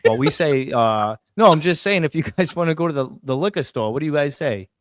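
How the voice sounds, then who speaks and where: A man's voice: on the high side, lively intonation, brisk, no echo, studio quality. A man with a Boston accent joking and plugging sponsors in casual sports chat. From Massachusetts. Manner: teasing, plugs sponsors. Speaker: podcast co-host.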